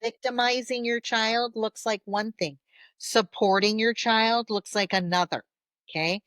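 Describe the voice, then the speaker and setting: A woman therapist speaking as a guest in a podcast interview. She talks in an animated way, acts out the voices of parents, and often checks in with "'kay?". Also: on the high side, measured pace, clear, resonant tone, no room sound.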